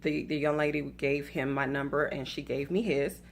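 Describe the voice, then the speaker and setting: A woman's voice: sits low, level tone, moderate pace, slight background noise. A woman with a Southern accent talks to her viewers in a casual, chatty way. She is playful and laughs at her own stories. She mixes faith with dating advice and calls her audience y'all. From Atlanta, US South. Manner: addresses viewers directly as y'all.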